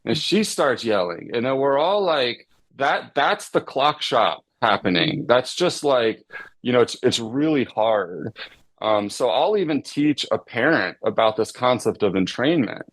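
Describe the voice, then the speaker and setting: A middle-aged man, a psychotherapist guest explaining ideas with everyday examples in a relaxed podcast chat. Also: medium pitch, measured pace, dry recording.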